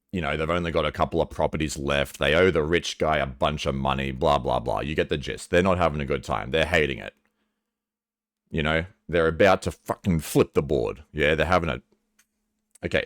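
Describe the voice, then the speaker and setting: A man's voice: extremely low pitch, no room sound, clean studio sound. A man talking earnestly and casually to camera about a personal topic, swearing now and then. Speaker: vlogger. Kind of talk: candid personal talk to camera.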